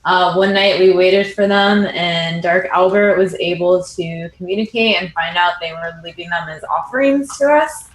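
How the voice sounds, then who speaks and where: A woman's voice: lowish voice, normal speed, hardly any pauses. Hesitant woman in an echoey room. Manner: hesitant, self-correcting. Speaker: player. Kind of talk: casual recap of a tabletop game.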